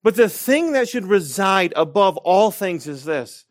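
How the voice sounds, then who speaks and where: A man's voice: high-pitched, very animated, dry recording. A man from Michigan delivers a sermon in a slightly raised voice, drawing out key phrases for emphasis. He moves between personal stories and exhortation. The recording is close and dry. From Michigan, USA. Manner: storytelling, emphatic with slow stressed phrases. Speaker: preacher.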